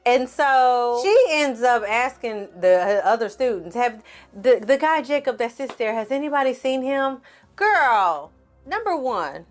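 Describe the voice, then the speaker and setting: A woman hosting a casual TV recap, talking straight to her viewers with slang and cursing and quickly acting out the characters' lines. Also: high-pitched. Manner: acts out the characters' lines in quick put-on voices. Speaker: film and TV recap host.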